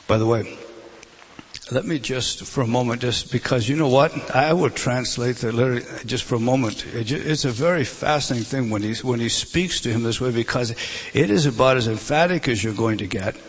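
A man preaching a sermon, emphatic, often restarting and repeating words, swinging between loud stresses and hushed asides. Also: medium pitch, slightly rough.

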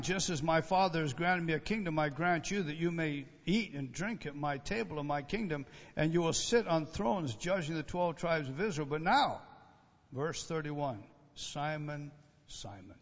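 A man preaching a sermon, retelling scripture with dramatic swings from raised emphasis to a hushed, low voice. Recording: dull sound in a large reverberant hall.

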